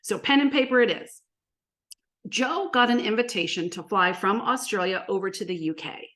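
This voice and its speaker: A woman who works as a marketing coach, giving an energetic, animated presentation full of stories and rhetorical questions. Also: medium pitch, moderate pace. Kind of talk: presentation to an audience.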